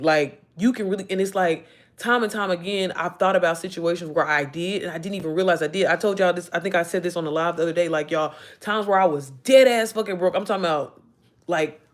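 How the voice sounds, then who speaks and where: Woman in her 30s on a livestream, swears a lot, hypes up her viewers, reads their comments. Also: medium pitch. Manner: animated, profane, calls viewers "baby" and "y'all". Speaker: livestream host. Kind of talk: casual motivational livestream chat.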